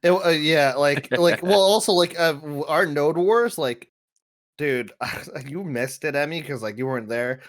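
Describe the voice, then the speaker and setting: A young man with a somewhat high voice co-hosts a casual gaming podcast. He talks in an excitable, profane rush, laughing often as his stories build. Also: measured pace. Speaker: podcast co-host.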